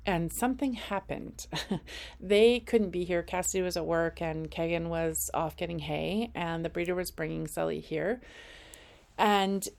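Gravelly woman in her fifties. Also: fairly low pitch, fairly even intonation, a little slow, darkish tone. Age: 50s. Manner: rambling, chatty, heavy on fillers like "like". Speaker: host of weekly inspirational messages. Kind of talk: casual personal monologue.

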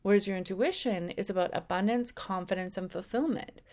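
A woman giving a conversational spiritual teaching talk, acting out the anxious and calm inner voices now and then. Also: mid-range voice, a little fast. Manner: acts out voices of ego and intuition; conversational, with slips and restarts. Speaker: spiritual speaker.

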